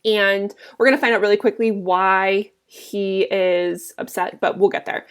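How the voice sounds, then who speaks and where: Brief: woman teacher, relaxed classroom explainer, mid pitch. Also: unhurried, clear, resonant tone. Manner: casual, explanatory, many fillers. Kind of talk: recorded lesson explaining a play.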